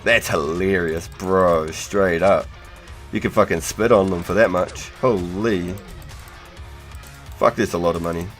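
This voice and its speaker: A young man with a New Zealand accent talks to his live-stream viewers in a deep, low voice. He is laid-back and slangy and swears freely. Faint music plays quietly behind him. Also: fairly even intonation, unhurried. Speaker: game streamer. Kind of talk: casual live-stream chat.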